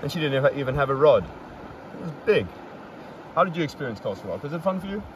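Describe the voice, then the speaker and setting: A young man hosts a casual outdoor podcast, recapping a river trip in an upbeat, playfully boastful way. His voice sits on the high side, and he talks fast and very animatedly. The mic is distant, with traffic noise in the background.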